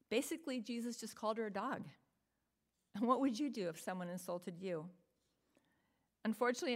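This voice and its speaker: A woman preaching a sermon in an earnest, emphatic way, often asking the listeners rhetorical questions. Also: mid-range voice.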